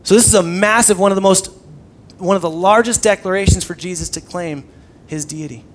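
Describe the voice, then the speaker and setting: Young man preaching, loud then hushed. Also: sits high, a little fast. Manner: conversational preaching, swings between loud emphasis and hushed tones. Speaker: pastor. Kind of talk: sermon.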